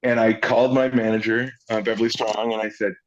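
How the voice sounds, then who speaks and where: Man telling animated stories, lo-fi sound. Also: lowish voice. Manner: acts out quotes in lively voices, fast rambling. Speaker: actor guest. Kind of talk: animated storytelling.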